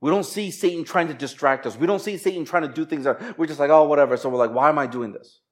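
A man preaching as a pastor, moving from slow, emphatic scripture reading into a chatty, laughing personal story. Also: on the high side. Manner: conversational, animated storytelling with laughs and quoted voices.

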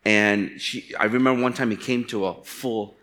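A man from Chicago delivers a sermon as a pastor, with a voice that sits on the lower side. He talks candidly, weaving personal stories into the message and poking fun at himself. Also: fairly even intonation, normal speed, fairly bright tone. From Chicago, USA. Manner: candid, storytelling with self-deprecating humor.

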